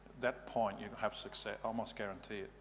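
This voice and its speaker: Plain-spoken pastor in a reverberant hall. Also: male voice, lowish voice, steady tone, a little fast, a bit bright. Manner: plain-spoken, practical, matter-of-fact. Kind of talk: teaching sermon. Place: church hall. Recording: reverberant hall, faint hum.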